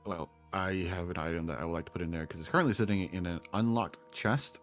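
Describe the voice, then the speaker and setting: A man's voice: sits low, fast talker, faint music behind. A man playing in a tabletop game, explaining his character's actions in a matter-of-fact way. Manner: matter-of-fact, chuckles between lines. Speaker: player. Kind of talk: casual tabletop play.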